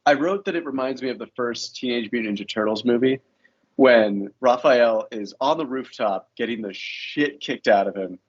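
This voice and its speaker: A man co-hosting a podcast in casual, expressive chat. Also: medium pitch, normal speed, no echo, dull audio. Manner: expressive, chatty, lots of fillers. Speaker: podcast co-host.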